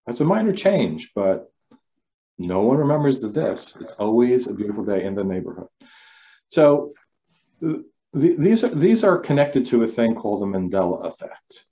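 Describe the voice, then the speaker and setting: A man's voice: medium pitch, very animated, moderate pace, warm tone. A man giving a critical thinking talk over a video call, loose and repetitive, often asking his listeners questions. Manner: loose, repeats words, asks the audience questions. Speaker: lecturer. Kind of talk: online talk to a club.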